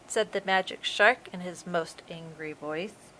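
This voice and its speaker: A woman, a preschool teacher, reading a storybook aloud to young children in a slow, expressive way. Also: on the low side, low-quality recording.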